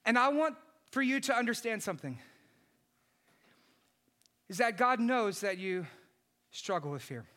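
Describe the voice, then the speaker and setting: A man in his thirties delivers a sermon with a high, bright voice. He preaches with real passion, climbing to shouted peaks, then drops to soft, tender lines. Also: very animated, measured pace, long pauses. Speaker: pastor.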